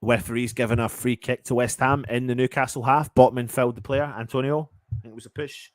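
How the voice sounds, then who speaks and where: A man giving partisan live football commentary as a fan, swearing and swinging from low muttering to loud shouts. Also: fairly even intonation, a little fast, no room sound.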